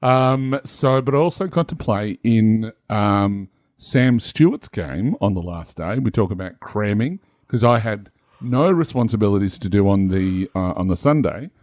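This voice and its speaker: Lively low-voiced man chatting. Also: unhurried, no echo, clean studio sound. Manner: rambling, self-deprecating, many fillers. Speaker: game master and co-host. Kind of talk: casual podcast chat.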